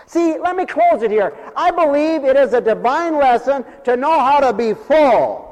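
A man's voice: very high-pitched, a little mellow, in a large hall, rough recording. A man preaching a humorous revival sermon in a church, folksy and joking, calling for amens from the congregation.

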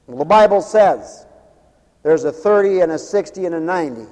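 Delivering a revival sermon, this fervent preacher has a high male voice and rolls out his words in repetitive, rhythmic phrases broken by hallelujahs. He is expressive at a normal speed, slightly mellow, shifting between ringing outbursts and low mutters, all within the long echo of a church hall.

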